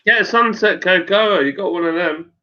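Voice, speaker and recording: Relaxed Englishman on a dull call line. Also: high-pitched, moderate pace. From Sussex, England. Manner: relaxed, joking. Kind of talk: casual beer chat.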